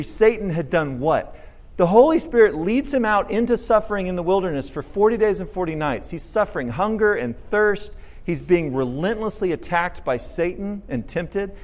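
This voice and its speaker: Animated man preaching a sermon. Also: on the high side. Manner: animated preaching, asks the audience questions, acts out quotes. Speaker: pastor.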